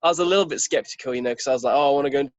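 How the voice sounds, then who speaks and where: A man's voice: mid-range voice, rapid-fire, no room sound, lo-fi sound. Earnest man telling a personal story. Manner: earnest, animated retelling with quoted dialogue. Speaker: podcast guest.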